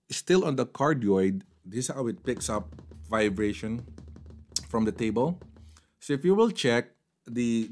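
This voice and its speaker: A man casually reviewing microphones at his desk, chatty and mixing in phrases as he talks at varying distances from the mics. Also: medium pitch. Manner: chatty, code-switching between English and Filipino phrases. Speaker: tech reviewer. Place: home desk setup. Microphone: condenser mics on desk at varying distance.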